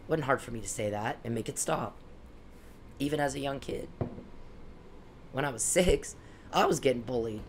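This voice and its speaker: A woman's voice: very deep voice, moderate pace, long pauses, slight background noise. A woman vlogging an angry, confrontational monologue aimed at one man, cursing often and preaching at him.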